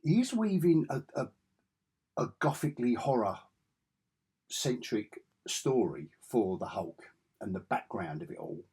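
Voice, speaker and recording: A man's voice: mid-range voice, big pitch swings, slow pace, darkish tone, husky. An English man with an enthusiastic, rambling way of talking, reviewing comic books in a casual vlog. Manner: rambling, enthusiastic, self-correcting.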